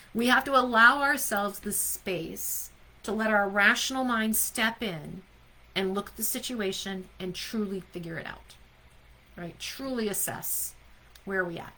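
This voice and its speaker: Bright-voiced woman coaching a live online audience. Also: mid-range voice, low-quality recording. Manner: emphatic, asks the audience questions, often adds "right?". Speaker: leadership coach.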